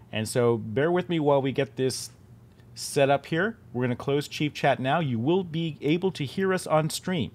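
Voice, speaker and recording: The head of a game studio hosts a casual live stream, chatting loosely in a medium-pitched male voice. He often interrupts himself, restarting and repeating words mid-sentence.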